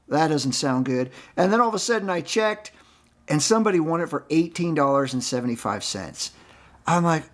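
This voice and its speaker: A man's voice: a little high, a bit bright. A man chatting casually about his baseball card collection, rambling and laughing often. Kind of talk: casual chat.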